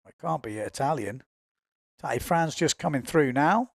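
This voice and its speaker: A man's voice: fairly high pitch, animated, moderate pace, vocal fry, no room sound, studio quality. A man giving chatty, informal live commentary on a windsurfing race, often correcting himself as he goes.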